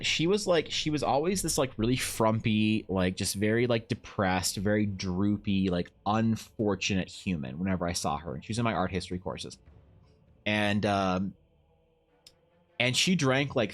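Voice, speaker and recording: A young man chatting casually on a live stream while he paints, telling stories in a rambling, animated way with lots of restarts. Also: fairly low pitch. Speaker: Twitch streamer and artist.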